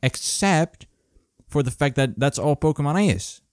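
A man's voice: fairly high pitch, animated, unhurried, a little mellow, dry recording, clean studio sound. A man hosting a solo podcast, ranting sarcastically and profanely in a grumpy way. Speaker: podcast host.

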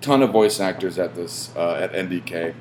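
A man hosting a podcast, talking casually in a rambling way, full of fillers and restarts and swearing when he gets animated. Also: low voice, normal speed, slight background noise. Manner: rambling, self-interrupting with many fillers and restarts. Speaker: podcast host.

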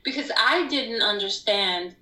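A woman telling a story in a casual chat, animated, acting out quotes with sharp high-pitched outbursts. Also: a little slow, roomy sound, far from the mic, rough recording. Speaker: guest.

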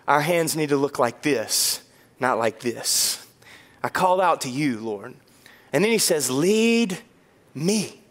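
Male pastor, high voice, lively sermon delivery, playful quick asides, slow emphatic lines. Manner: animated, joking, swings between quick asides and slow emphatic phrases.

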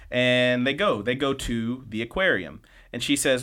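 Male podcast host, mid-pitched voice, loose chatty recap delivery with fillers and quick quoted lines. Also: pushed and bright. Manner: chatty storytelling, quoting characters in quick bits; loose, with frequent fillers and swearing. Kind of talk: casual anime episode recap.

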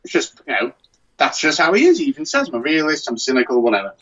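A man's voice: fairly high pitch, wildly swooping pitch, fast talker, fairly bright tone, husky, dull audio. A man chatting casually as a podcast co-host, rambling and restarting his sentences often. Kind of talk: casual chat.

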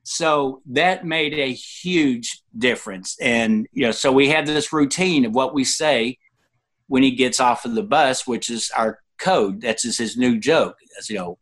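A man's voice: mid-range voice, measured pace, a bit bright. A man around sixty, an interview guest, telling personal stories conversationally and acting out quoted people with sudden jumps in his voice.

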